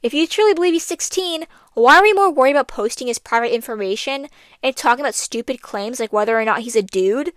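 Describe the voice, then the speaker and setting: A woman's voice: high-pitched, fairly bright tone, dry recording. A young woman doing a scripted commentary voice-over, blunt and exasperated, with sarcastic asides. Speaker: commentary youtuber.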